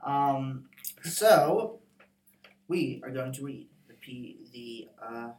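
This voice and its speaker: A man's voice: mid-range voice, lively intonation, slow. A young man co-hosting a casual student show, easygoing and chatty. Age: young adult. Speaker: co-host. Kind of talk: casual chat. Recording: echoey, distant mic, faint noise.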